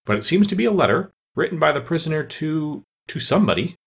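A man voicing a shrill, hurried and deferential male rabbit herald. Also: sing-song, vocal fry, slightly rough, exaggerated voice. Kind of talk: audiobook character voice.

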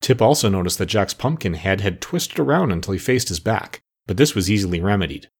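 A man narrating a storybook aloud in an expressive storytelling manner. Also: fairly low pitch, fairly quick, breathy edge. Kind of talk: audiobook narration.

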